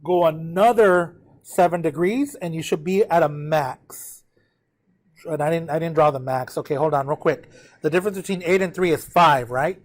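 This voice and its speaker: A man's voice: a little high, normal speed. A man teaching a math lesson, working through a graph step by step, counting aloud and addressing his students directly.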